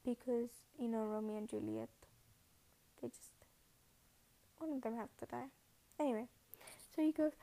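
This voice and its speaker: A woman's voice: on the high side, dark tone, low-quality recording. A woman hosting a casual podcast, retelling a story in a rambling way, correcting herself often and acting out the quotes. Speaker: podcast host.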